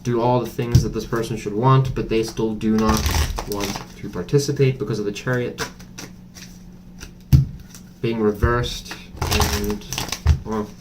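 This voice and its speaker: A man giving a casual tarot reading, chatty and blunt, with a mid-range voice. He thinks out loud and fills gaps with hesitations. A faint hiss sits under the recording. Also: medium pitch. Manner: chatty, blunt, thinks aloud with many fillers. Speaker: tarot reader.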